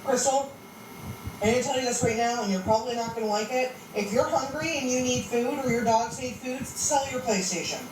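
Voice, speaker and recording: A woman's voice: on the high side, a little fast. A woman lecturing and scolding someone in a video being played back. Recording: roomy, distant, noisy playback.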